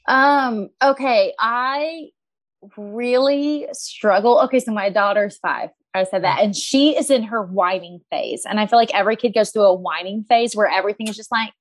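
A woman talking casually as a podcast guest, acting out whiny kids and her own yelling. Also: medium pitch, moderate pace. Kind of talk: casual chat.

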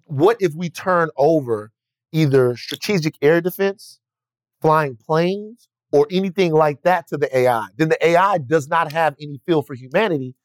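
A man's voice: a little high, normal speed, no room sound. A man talking on a podcast in a rambling, profane way, often restarting sentences. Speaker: podcast guest. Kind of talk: casual chat.

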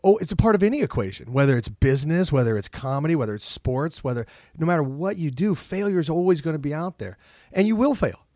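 A man's voice: a little high, fast talker, no echo, clean studio sound. A middle-aged man, a comedian and actor, telling stories in a casual interview and acting out his own inner voice. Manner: animated storyteller, acts out his own inner voice. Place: office.

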